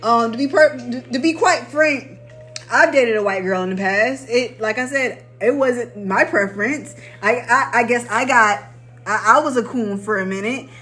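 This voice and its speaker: A young woman co-hosting a podcast, chatting in an animated, slangy way and laughing easily. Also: fairly high pitch, normal speed, faint music behind. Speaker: podcast co-host. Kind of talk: casual podcast chat.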